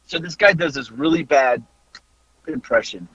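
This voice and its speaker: A man's voice: a little high, moderate pace, slightly rough, dry recording, muffled recording. A man hosting a podcast, telling a story in a casual chat. He swears freely and keeps breaking into laughter. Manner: animated, profane, laughing through his story. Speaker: podcast host.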